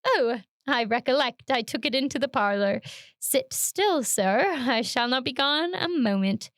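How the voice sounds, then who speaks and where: Brief: sinister, oily barber, slow and wheedling, breaks into shrill outbursts, read aloud with a dry close sound, a woman doing the voice. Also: animated, fairly bright tone, no room sound.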